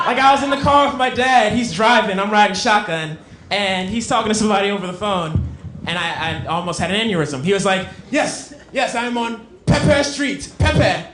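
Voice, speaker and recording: High-voiced young comedian on stage. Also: male voice, noisy background. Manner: animated, breaks into emphatic shouts. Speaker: stand-up comedian. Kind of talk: stand-up comedy set. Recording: echoey club with crowd laughter.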